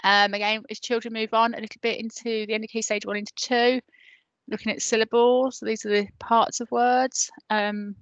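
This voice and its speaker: Woman teacher, mid pitch, dry close sound, casual and encouraging. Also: a bit bright, no room sound, rough recording. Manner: chatty and encouraging, many fillers. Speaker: primary school teacher. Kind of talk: recorded lesson for parents.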